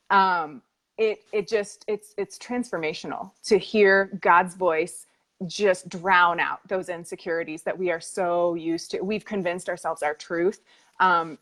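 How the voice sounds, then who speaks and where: A woman's voice: on the low side, a bit bright. Earnest woman coach, confessional tone. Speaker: weight loss coach and co-host. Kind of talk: live faith-based coaching chat.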